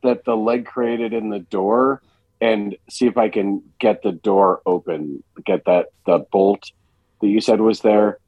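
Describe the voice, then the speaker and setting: A man's voice: lowish voice, unhurried, dry recording, muffled recording. A man playing a tabletop horror game who talks casually and swears, describing what his character does. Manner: lively, swearing, laughing player. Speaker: player.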